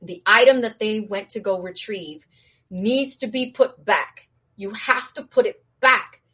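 A woman casually recapping a show's plot as an animated storyteller, with slangy asides to her viewers. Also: mid-range voice, measured pace, breathy edge. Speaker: show recap host.

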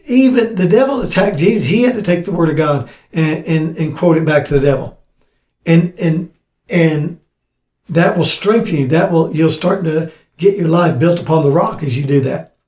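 A man's voice: fairly high pitch, a little mellow. A man preaching a teaching sermon, reading scripture aloud and urging his listeners with earnest, repetitive exhortation. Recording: echoey room.

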